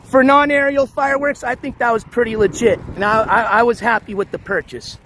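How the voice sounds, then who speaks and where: A man hosting a casual walking livestream outdoors, reading the chat aloud, shouting thanks for donations, and losing his voice. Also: extremely high pitch, fairly even intonation, fairly quick. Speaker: livestream host. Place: outdoors on city streets, walking dogs. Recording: faint street noise outdoors.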